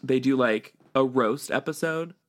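Man, podcast co-host, casual TV recap chat, gossipy and giggly, mid-pitched. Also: a little slow. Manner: gossipy, giggly, breathless run-on sentences.

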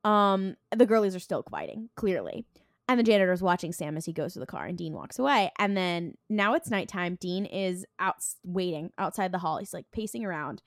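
A woman's voice: fairly low pitch, expressive, no room sound. Chatty woman recapping an episode, dry sound. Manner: retells scenes with quick bits of quoted dialogue, frequent ums and laughs. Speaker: podcast co-host. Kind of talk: casual recap chat.

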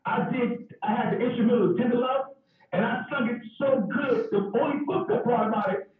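A man telling animated, rambling stories in casual chat, often repeating his words. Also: extremely high pitch, a little fast, far from the mic, soft background music. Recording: echoey room, off-mic, dull.

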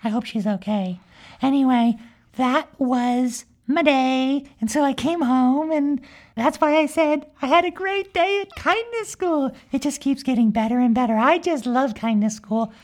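Woman playing a high, giggly little unicorn girl for a comedy podcast, rambling and mischievous. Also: measured pace, a little mellow. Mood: chatty. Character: cheerful young magical unicorn girl, mischievous. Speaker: podcast character. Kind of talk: improvised comic storytelling.

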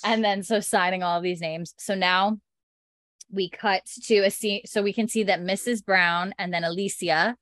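A woman's voice: medium pitch, fairly even intonation, normal speed, a bit bright, no echo. A woman casually recapping a TV episode as a podcast co-host, chatty and giggly, acting out the characters' lines. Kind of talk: casual chat.

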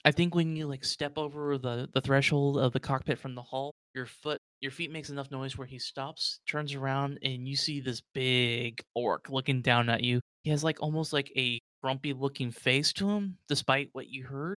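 A man's voice: mid-range voice, steady tone, normal speed, few pauses, fairly bright tone, clean tone, no room sound. A man narrating as game master in a casual tabletop role-playing session, with lots of fillers.

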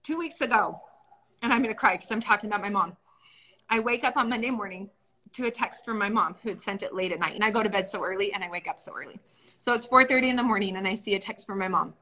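A woman's voice: medium pitch, fast, bright, forceful tone. A young adult woman co-hosting a casual faith discussion, earnest and storytelling. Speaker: podcast co-host.

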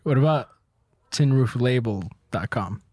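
A man's voice: medium pitch, unhurried, darkish tone, no echo. A man co-hosting a podcast in casual chat, matter-of-fact and dry. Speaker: podcast co-host.

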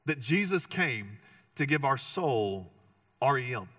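A man's voice: medium pitch, big pitch swings, slow, a bit bright, no room sound, clean studio sound, far from the mic. A man preaching a sermon as pastor, conversational and joking, with emphatic repeated phrases.

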